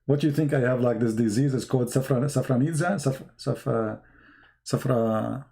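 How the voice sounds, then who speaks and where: A man giving a mocking, sarcastic commentary monologue in broken, halting phrasing. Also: medium pitch, gravelly, warm tone.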